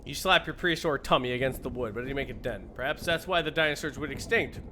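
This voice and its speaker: A man's voice: mid-range voice, fast talker, pushed and bright, a little hiss or hum. A man streaming a game, reading its text aloud in playful, dramatic readings and joking along.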